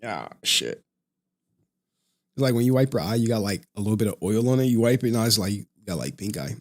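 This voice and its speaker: A man's voice: on the low side, animated, brisk. A young man hosting a casual late-night stream, tired from no sleep, rambling, swearing and laughing often. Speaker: streamer host.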